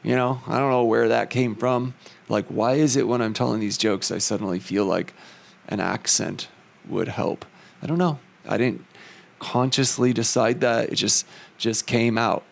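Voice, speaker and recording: A man's voice: mid-range voice, steady tone, moderate pace, gravelly. A man doing a casual, rambling comedy monologue, reading jokes aloud and riffing on them with plenty of fillers and a slight put-on southern drawl. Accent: slight put-on southern American drawl. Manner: rambling, self-deprecating joke reading with fillers.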